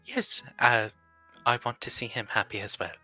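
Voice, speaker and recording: A man's voice: mid-range voice, animated, normal speed, bright, forceful tone, faint music behind. A young man playing a tabletop role-play game, earnestly narrating his character's actions.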